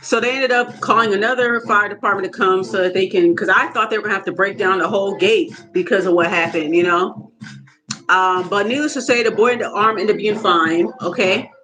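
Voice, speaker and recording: A woman telling a casual story with lots of cursing, animated and laughing often. Her voice sits at an average pitch, with steady music playing behind her. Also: brisk, low-quality recording. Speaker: tarot reader vlogger.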